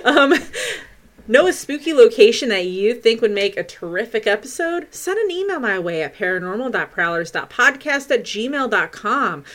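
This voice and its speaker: A woman's voice: fairly high pitch, big pitch swings, normal speed, fairly bright tone. Bubbly woman hosting a podcast. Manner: bubbly, giggly. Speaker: paranormal podcast host. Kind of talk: podcast outro.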